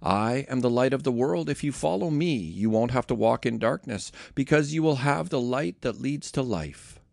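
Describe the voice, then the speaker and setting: A man giving voice to Jesus, an earnest male teacher who declaims his words in a lively, rising and falling voice with a gravelly edge. The sound is close and dry. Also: medium pitch, moderate pace, dry recording.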